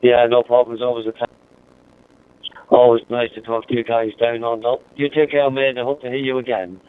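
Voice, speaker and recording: A man's voice: mid-range voice, level tone, brisk, smooth. An Irish man chatting over a mobile radio, friendly and repeating his call sign. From Ireland. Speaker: amateur radio operator. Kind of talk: casual radio contact chat. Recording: narrow-band two-way radio audio.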